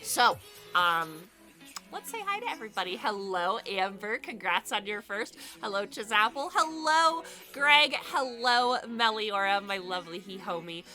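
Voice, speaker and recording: Bright-voiced breathless woman streamer. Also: mid-range voice, measured pace, faint music behind. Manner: bubbly, chatty, excitable greetings. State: stuffy nose. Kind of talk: casual live-stream chat.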